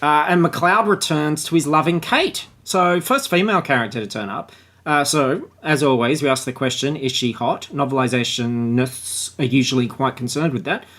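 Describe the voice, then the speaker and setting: A man's voice: a little high, normal speed, fairly bright tone. Crude, joking male podcast host. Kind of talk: casual book-club chat with read-aloud passages.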